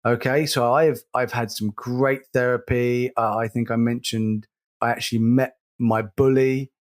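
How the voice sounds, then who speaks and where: A man, co-hosting a casual podcast, speaking earnestly and slowly, repeating words as he stresses a point. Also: medium pitch, level tone. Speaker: podcast co-host.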